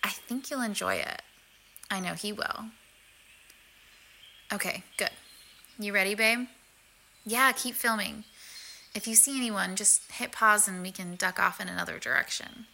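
A woman performing an intimate whispered role-play, murmuring in a sultry way with many soft hums. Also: mid-range voice, a little slow, vocal fry, pauses often, a little hiss or hum.

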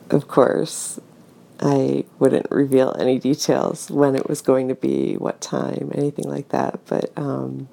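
A young woman telling a story to a coworker in casual spoken role-play, hesitant with many ums and soft laughs. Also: low voice, creaky.

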